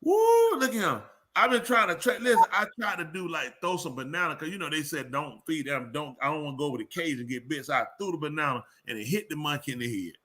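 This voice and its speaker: A man's voice: fairly high pitch, quick pace, hardly any pauses. A man hosting a live call-in show, joking and teasing, a bit congested. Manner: joking, teasing, loud playful outbursts. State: congested sinuses. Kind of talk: casual live call-in banter.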